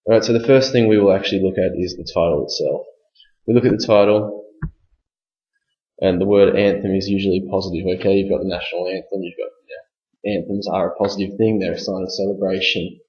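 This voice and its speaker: A male teacher giving a recorded lesson on a poem, reading verse slowly and explaining step by step with frequent "okay?" checks. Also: low voice, fairly even intonation, darkish tone. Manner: reads verse slowly and deliberately. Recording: echoey room, dull lo-fi sound.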